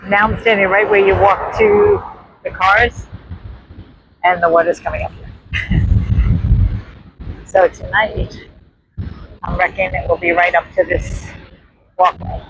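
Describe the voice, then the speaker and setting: A woman with a New York accent films herself on a handheld phone while walking a windy beach, talking to her viewers like they're friends in a casual vlog. Her voice sits fairly low with lively intonation, and she speaks a little slowly, pausing often. Faint surf and wind carry in the background.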